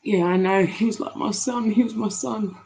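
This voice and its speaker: A grieving, tearful woman chatting with viewers on a live stream from home, halting with many pauses and fillers, on a laptop mic. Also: medium pitch, fairly even intonation, vocal fry, darkish tone, poor audio.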